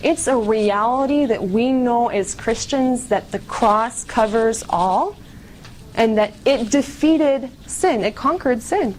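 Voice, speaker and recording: A young woman speaking at a conference, telling her personal testimony in an earnest, confessional way, with fast bursts and frequent "like". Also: fairly high pitch, lively intonation, a little mellow, rough recording. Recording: faint background noise, live event.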